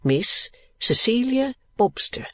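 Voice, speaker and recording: A man voicing an excitable, eccentric middle-aged male clerk in an audiobook who talks in a stammering, fluttering rush. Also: high voice, measured pace, husky, no room sound, voice pushed up, exaggerated voice. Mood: excited. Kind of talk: audiobook character voice.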